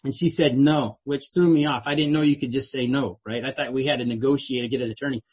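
A man's voice: mid-range voice, steady tone, fast talker, husky. A middle-aged man telling his own recovery story to a meeting, streetwise and self-mocking, often tagging his lines with "right?". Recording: dull lo-fi recording.

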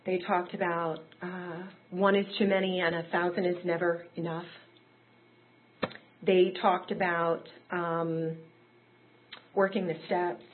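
A woman's voice: lowish voice, little pitch movement, slow, long pauses, slight background noise. A woman telling her own recovery story in a candid, conversational way that rises into emotional peaks. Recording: tinny phone-like audio.

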